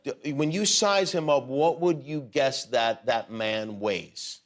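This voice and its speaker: A man hosting an interview, asking questions in a relaxed, joking way and laughing easily. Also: medium pitch, takes it slowly. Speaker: interviewer host. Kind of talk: casual interview.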